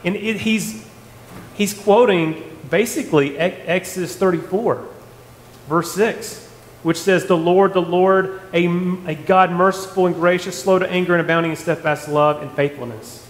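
Guy leading a bible study, fairly high voice, lively and chatty, big echoey hall. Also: normal speed. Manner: animated, rhetorical questions, frequent restarts. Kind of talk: casual Bible teaching. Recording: echoey hall, faint room noise.

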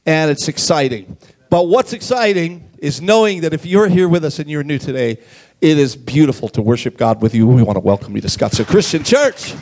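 A man's voice: a little high, animated, a little fast, a little mellow. A man in church leading the welcome in an upbeat, playful way. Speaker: worship leader welcoming the congregation.

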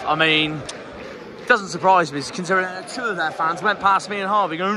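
A man from southwest England, a football fan vlogger giving excitable live commentary from the stands, shouting at the players. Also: high-pitched, moderate pace. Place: outdoor football stadium stands. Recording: loud crowd and stadium noise.

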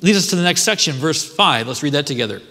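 A man's voice: fairly high pitch, animated, fast, sharp tone. A man preaching a sermon in a conversational way, reading scripture aloud and explaining it with everyday asides. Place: church sanctuary. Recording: long church hall reverb.

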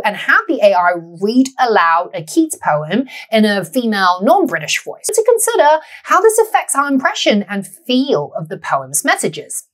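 Animated woman teaching poetry. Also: medium pitch. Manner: animated, lively explaining. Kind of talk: explanatory lesson.

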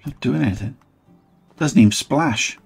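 A man's voice: medium pitch, normal speed, gravelly, slightly rough, soft background music. A man rambling and swearing through a let's play, mocking the game as he goes. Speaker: gaming channel host.

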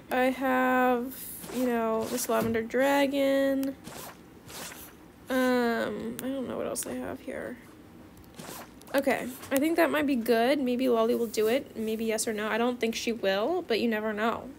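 Excitable teen girl creator, high voice with fry, chatty gameplay commentary. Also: slow pace, long pauses, a little hiss or hum. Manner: calls viewers bestie. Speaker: gaming video creator.

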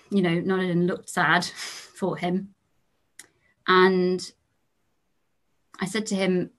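A young English woman, a trainee family doctor, giving a lecture in a calm, measured way, telling stories from her work with endings that trail off softly. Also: lowish voice. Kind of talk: storytelling lecture.

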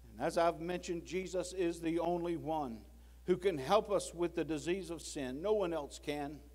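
A man preaching a sermon in a church, swinging from loud pleading to hushed low tones and acting out prayers and God's words. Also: moderate pace. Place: church sanctuary.

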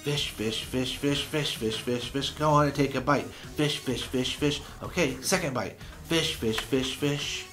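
A man's voice: mid-range voice, unhurried, a bit bright, soft background music, lightly acted. A man reading aloud, voicing an eager boy who coaxes his friend with chanted repetition. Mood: whispering. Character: boy eager to cook worm.

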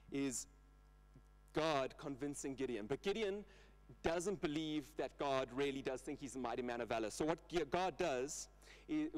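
A man preaching a sermon in church, earnest, retelling scripture in lively paraphrase. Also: a little high, low-quality recording.

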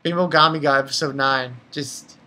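A young adult anime reviewer giving a casual episode recap, rambling and excitable and swearing freely. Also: mid-range voice, moderate pace.

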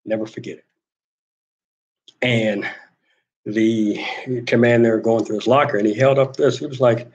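A man's voice: fairly low pitch, steady tone, a little slow, pauses often, darkish tone, poor audio. A man hosting a casual talk show, telling an army story with quoted voices and reading viewer comments. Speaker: host.

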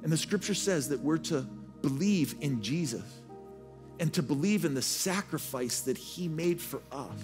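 A man's voice: fairly high pitch, lively intonation, moderate pace, darkish tone, faint music behind. A man preaching a sermon as pastor. He tells his story earnestly and often repeats words as he restarts. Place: church stage.

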